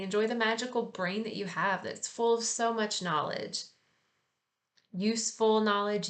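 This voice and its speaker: Relaxed, chatty woman reflecting gently. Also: mid-range voice. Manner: relaxed and chatty, with frequent fillers; gentle and encouraging. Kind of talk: casual spiritual reflection.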